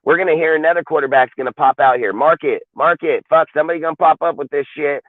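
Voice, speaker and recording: A man's voice: fairly high pitch, fast talker, no echo. A man ranting about football on a livestream talk show, emphatic and full of profanity. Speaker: podcast co-host. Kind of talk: heated sports talk rant. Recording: tinny phone-like line, dry.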